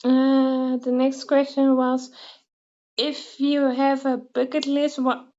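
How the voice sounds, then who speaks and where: A woman's voice: sits high, completely flat delivery, takes it slowly, a little mellow, lo-fi sound. A woman from the Netherlands hosting a casual interview over a video call. She asks short questions and laughs often. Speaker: interviewer, host.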